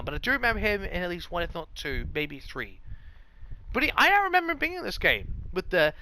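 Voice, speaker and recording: A let's-play commentator with a bright voice that swoops up and down. The speaker rambles through opinions, stopping to correct themselves and restart sentences. It is casual game commentary. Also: mid-range voice, poor audio. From Britain.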